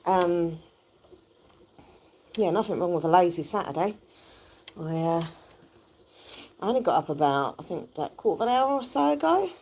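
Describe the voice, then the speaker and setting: Woman, low voice, husky, croaky, chatty livestream, exercise bike, phone mic. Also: lively intonation, normal speed, long pauses, a little mellow. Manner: chatty, rambling, laughs often while pedaling. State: croaky, just woken up. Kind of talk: casual livestream chat. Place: home, indoors, on an exercise bike. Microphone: phone held close.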